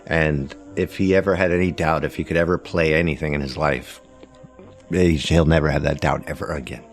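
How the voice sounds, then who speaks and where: A man co-hosting a podcast in casual chat, an animated storyteller who jokes and slips into voices. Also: rumbling low, fairly quick, faint music behind. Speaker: podcast co-host.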